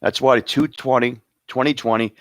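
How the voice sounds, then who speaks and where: A man's voice: medium pitch, fairly even intonation, moderate pace, dry recording. A man hosting an awards show, rambling and joking casually between announcements. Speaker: host presenting awards.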